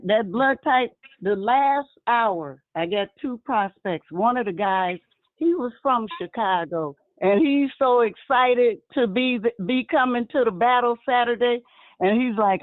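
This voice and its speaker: Lady on a phone line telling excited stories, calls everyone y'all, dry sound. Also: a little high, no echo. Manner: excited storytelling, addresses listeners as y'all. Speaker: guest vendor sharing her experience. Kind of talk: casual phone-in chat.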